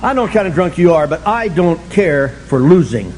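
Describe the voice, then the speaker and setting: A man's voice: on the high side, normal speed, noisy background. Older man telling a rowdy recovery story. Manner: animated, self-mocking, bursts into shouts for emphasis. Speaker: recovery meeting speaker.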